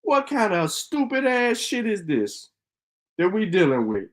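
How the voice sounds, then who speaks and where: Man, live stream rant, profane, combative, high animated voice. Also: a little slow.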